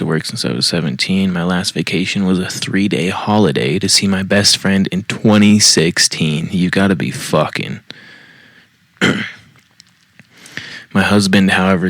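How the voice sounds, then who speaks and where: Male podcast host, very low voice, reads posts aloud with blunt profane commentary. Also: a bit bright, dry recording. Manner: blunt and profane, mocking asides. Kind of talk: reading a post aloud with commentary.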